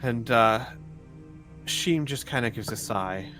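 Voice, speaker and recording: A man narrating as game master of a tabletop game, giving calm, matter-of-fact rulings. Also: medium pitch, slow pace, faint music behind.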